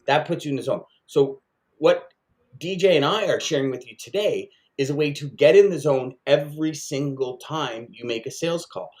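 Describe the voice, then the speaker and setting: Energetic man co-hosting a sales chat. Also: a little high, moderate pace. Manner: energetic, repeats himself for emphasis. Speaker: podcast co-host.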